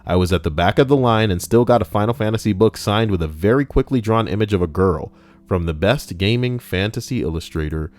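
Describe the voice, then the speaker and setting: A man's voice: lowish voice, lively intonation, a little fast. A man hosting a countdown list, reading it in a casual way with sarcastic, jokey asides. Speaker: host. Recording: faint background music.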